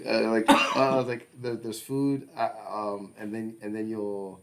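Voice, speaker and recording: A man's voice: fairly low pitch, fairly even intonation, moderate pace, hardly any pauses. Laughing, rambling man podcaster. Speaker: podcast co-host. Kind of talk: casual chat.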